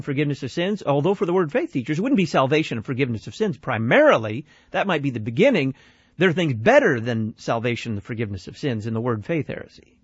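A man's voice: medium pitch, slightly rough, dry recording, muffled recording. A man hosting a call-in radio show, giving critical commentary on a played clip in a conversational way with restarts and repeated phrases.

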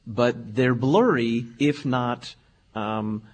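A man's voice: medium pitch, fairly even intonation, extremely slow, husky. A man hosting a theology talk show, asking long framing questions with hesitant fillers. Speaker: host. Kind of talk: interviewer casual chat.

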